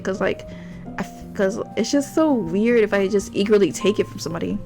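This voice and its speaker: A woman's voice: mid-range voice, fast talker. A young woman streamer reading a romance game aloud. She giggles and drifts into rambling asides. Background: game music.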